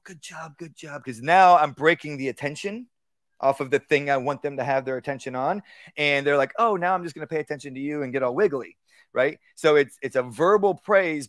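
A man teaching a live workshop on dog training, talking casually and acting out calm, low commands to a dog. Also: no echo. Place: outdoor workshop.

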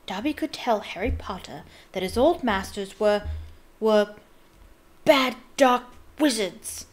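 A woman voicing a small, nervous, devoted male house-elf who squeaks and speaks in broken grammar. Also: expressive, takes it slowly. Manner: squeaky, broken grammar, calls everyone sir.

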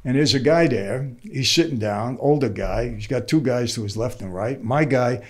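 A man's voice: medium pitch, normal speed. An older man, a guest telling anecdotes in a casual interview, with frequent "right?" asides. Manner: streetwise, tells anecdotes with lots of "right?" asides.

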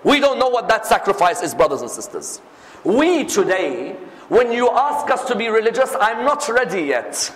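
A male preacher telling stories in a sermon, acting out each character with lively delivery. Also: high voice, normal speed. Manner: animated, acts out every character. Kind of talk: sermon storytelling. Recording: echoey hall reverb.

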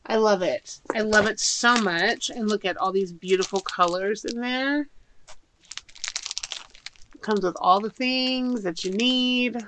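A middle-aged woman chatting casually to viewers while unboxing a haul, with giggles along the way. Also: a little high. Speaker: haul vlogger. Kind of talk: casual haul video chat. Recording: audible background noise.

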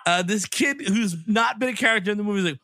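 A man's voice: high-pitched, fast talker, bright, forceful tone, slight background noise. A man co-hosting a comedy podcast who recaps the plot loosely, laughs a lot and drifts into silly bits. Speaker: podcast co-host. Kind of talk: casual comedy banter.

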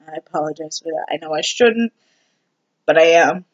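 A vlogger giving a candid personal update, talking slowly and haltingly with many ums and restarts. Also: medium pitch, muffled recording. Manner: candid and self-deprecating. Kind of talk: casual personal health update.

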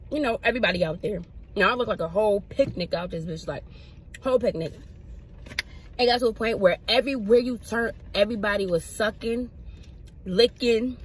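A young woman vlogger telling a casual storytime, animated and slangy, swinging her pitch up for emphasis. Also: slight background noise, poor audio.

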